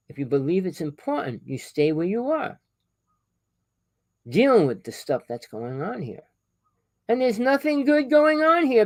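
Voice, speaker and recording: A man delivers a spiritual monologue in a rather high voice, pressing the listener with one rhetorical question after another. His loudness swings from sudden emphatic bursts to quiet, low asides. The recording is dry, with almost no room sound. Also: dry recording. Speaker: spiritual teacher.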